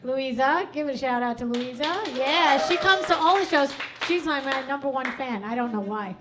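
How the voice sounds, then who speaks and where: A woman's voice: high-pitched, animated, normal speed, background noise. A woman hosting a comedy club stage, doing chatty, self-mocking stand-up and working the crowd on a handheld mic.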